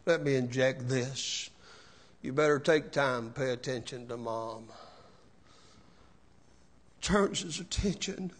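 A man preaching a sermon as pastor, slow and emotional, with rising shouted cries and repeated words. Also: fairly high pitch. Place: church sanctuary.

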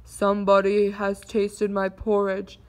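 A woman voicing a big father bear in a storybook reading, speaking slowly in a growled voice. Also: mid-range voice, completely flat delivery, a little mellow, natural voice, poor audio. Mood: gruff. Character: big father bear, low gruff bass.

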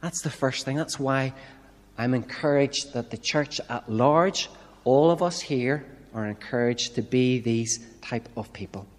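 Northern Irish minister preaching in a reverberant church. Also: male voice, mid-range voice, a little slow. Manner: conversational preaching with rhetorical questions. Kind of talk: sermon.

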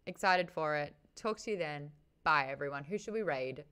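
A young woman with an Australian accent, hosting a book club livestream in chatty, offhand talk full of quick asides. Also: sits low, fairly bright tone, smooth. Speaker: host of a book club stream. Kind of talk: casual livestream chat.

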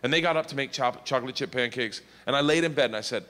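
A man doing stand-up storytelling, animated and shouting his punchlines, recorded live in a reverberant hall. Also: mid-range voice, rapid-fire, few pauses. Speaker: stand-up comedian. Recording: live comedy hall reverb, faint noise.

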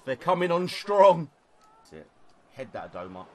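A young man talks over his football video game match, his voice running a little high and leaping up and down in pitch as he gets excited. He shouts when his team scores and swears at the misses, close to a desktop microphone. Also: measured pace. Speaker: gaming YouTuber. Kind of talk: gameplay commentary. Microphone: desktop USB microphone.

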